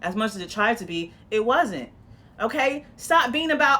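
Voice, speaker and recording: A woman's voice: a little high, expressive, normal speed, sharp tone. Blunt, swearing woman tarot reader. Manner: blunt, emphatic, repeats and restarts phrases; swears freely, uses slang. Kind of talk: casual spoken tarot reading.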